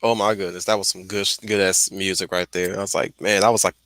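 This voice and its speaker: A man's voice: sits low, level tone, fast talker, fairly bright tone, no room sound. A man hosting a casual chat, laid-back and swearing freely. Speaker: host.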